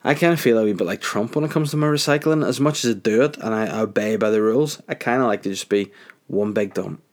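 A man's voice: on the low side, fast. A young man rambling through a crude comedic monologue, swearing constantly.

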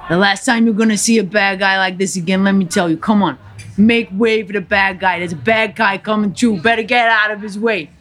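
A woman playing a boastful, menacing gangster man, loud and sneering. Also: mid-range voice, fairly even intonation, a little fast, lightly acted.

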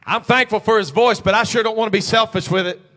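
A man preaching a sermon as pastor at a midweek church service, moving between quiet stretches and shouted, sing-song preaching cadence. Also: sits high, steady tone, fast, big-room sound. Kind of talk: pentecostal-style preaching sermon.

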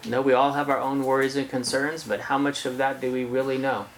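A meditation teacher giving a relaxed, conversational dharma talk to a group of about thirty people in a room, laughing easily. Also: medium pitch, brisk, slight background noise, low-quality recording.

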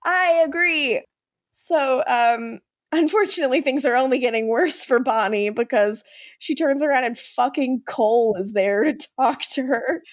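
A woman with a high voice talks through a TV episode on a podcast, the sound close and dry with no room behind it. She chats casually and jumps into animated quotes of the characters. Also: a little slow, no echo. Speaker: podcast co-host. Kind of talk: casual chat recapping a TV episode.

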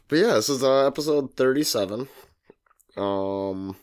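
A man's voice: mid-range voice, takes it slowly. A man co-hosting a podcast, chatting casually and cutting in with hesitant, jokey remarks. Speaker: podcast co-host. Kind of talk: casual chat.

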